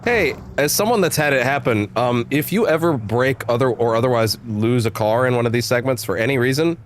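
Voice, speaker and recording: A man's voice: mid-range voice, a little fast, a little hiss or hum. A man streaming a game, giving rambling, self-interrupting casual commentary and swearing freely. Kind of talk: casual let's-play commentary.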